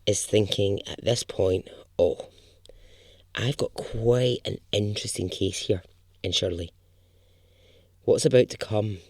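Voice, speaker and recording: Low-voiced chatty male storyteller. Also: creaky, no room sound, studio quality. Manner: chatty, swears for emphasis. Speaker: podcast host and storyteller. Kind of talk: casual storytelling narration.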